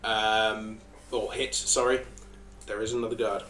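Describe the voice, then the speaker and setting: Game master in an echoey room. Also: male voice, on the low side, flat delivery, a little slow, fairly bright tone, recorded from a distance. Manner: casual, laughing narration with frequent fillers. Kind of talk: narrating a tabletop game.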